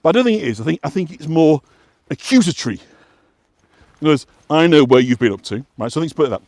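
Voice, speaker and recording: Walking outdoors along a path, a West Yorkshire man who works as a walking guide and vlog host chats casually, rambling with many fillers and restarts. His slightly high, darkish voice has lively, swinging intonation and a quick pace. The sound is dry and close, with no room sound.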